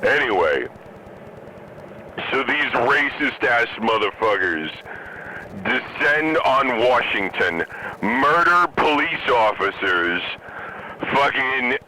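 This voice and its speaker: Slow, bright-voiced ranting man. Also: mid-range voice, very animated, a little hiss or hum, rough recording. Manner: angry, profane, emphatic. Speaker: podcast host. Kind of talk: profane political rant. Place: in a moving vehicle.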